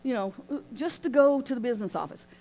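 A woman teaching an informal Bible study in a lively way, often laughing and asking her listeners questions. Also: fairly high pitch, fast talker. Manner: animated, asks the group questions, laughs often.

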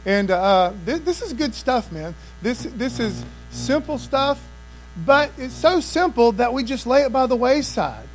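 A man's voice: very high voice, big pitch swings, a little slow, soft background music, low-quality recording. A man preaching a sermon, emphatic and casual, often checking in with "amen" and "man.". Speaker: pastor.

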